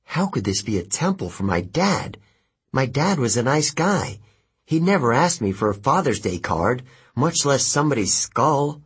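Male narrator, first-person story, husky voice, lively intonation. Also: medium pitch, moderate pace. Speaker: audiobook narrator.

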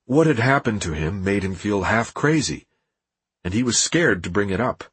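A man narrating an audiobook in a steady, measured reading with a husky voice. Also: lowish voice, no echo.

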